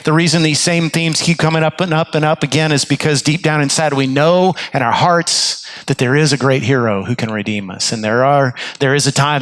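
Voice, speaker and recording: A man's voice: mid-range voice, fairly bright tone, no echo. A man preaching a sermon as pastor, telling stories earnestly and restarting his phrases often. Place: church sanctuary.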